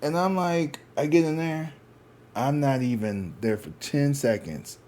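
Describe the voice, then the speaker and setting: A man with a St. Louis accent telling a swearing-heavy story, casual and animated, acting out what other people said. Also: a little high, a little slow. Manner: profane, animated, acts out other people's lines. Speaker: tarot reader telling a story.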